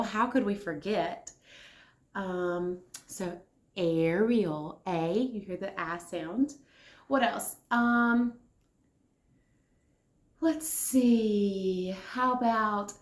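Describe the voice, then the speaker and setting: A woman teacher leading circle time for young children. She talks slowly and encouragingly, pausing as if for little ones to answer. Her voice rings a little in an echoey room. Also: medium pitch. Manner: slow, encouraging, replies to imagined children's answers. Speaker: kindergarten teacher.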